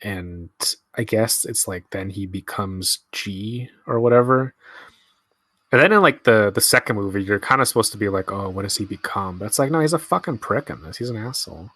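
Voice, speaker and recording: A man's voice: fairly low pitch, lively intonation, normal speed, a bit bright, dry recording, studio quality. A young man giving casual, laid-back movie commentary, musing aloud and swearing freely. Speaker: film commentary host.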